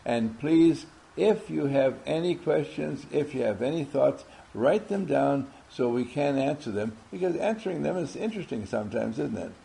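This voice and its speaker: Brief: gravelly-voiced man at mid pitch, a playful workshop leader doing roll call. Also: lively intonation, dark tone. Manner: playful and teasing, drawn-out names. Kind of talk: classroom talk to a group.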